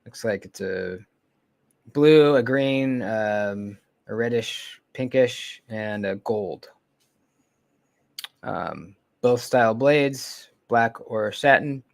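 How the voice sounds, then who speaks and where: A man chatting casually on a live stream, close to his desk microphone. His pitch sits in an ordinary middle range, and he rambles, pauses often and lets his sentences trail away. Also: vocal fry. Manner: relaxed, rambling, lots of ums and trailing off. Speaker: knife channel host. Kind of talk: casual livestream chat. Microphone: close desk mic.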